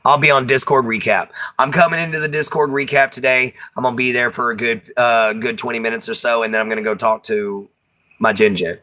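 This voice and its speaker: Brisk and sharp in tone, a Texas man with medium pitch and fairly even intonation hosts a livestream. He reads viewer comments casually, laughs frequently, and speaks with a Texan accent and Southern slang.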